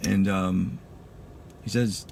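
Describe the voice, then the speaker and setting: Low-voiced guy telling his story, casual and emphatic, says dude a lot, bit of noise behind. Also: steady tone, slow pace, gravelly, darkish tone. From Texas. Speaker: veteran giving a testimony. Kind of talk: personal storytelling.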